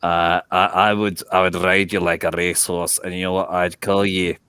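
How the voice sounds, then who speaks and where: A man doing a put-on, non-specific Scottish accent as an improv panelist, stammering with deadpan bravado. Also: low-pitched, normal speed, smooth. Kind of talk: improvised comedy.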